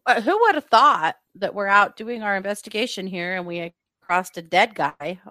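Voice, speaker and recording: In a clean studio recording without room sound, a woman with a mid-range voice talks at a moderate pace. She's co-hosting a true crime podcast, chatting casually through a lively story and voicing the people in it.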